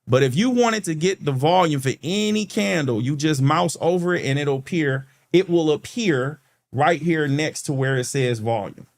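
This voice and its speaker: At normal speed, in a voice a little high, this man hosts a stock market channel and talks through charts on his shared screen. The screen-share tutorial is chatty, punctuated by frequent "okay"s, and he addresses his viewers as "guys."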